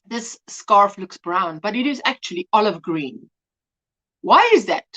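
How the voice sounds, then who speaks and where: A woman's voice: medium pitch, lively intonation, measured pace, bright, forceful tone. A woman hosting a casual crochet livestream, chatty, greeting viewers and reading their comments aloud. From South Africa. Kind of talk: casual live-stream chat. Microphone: phone.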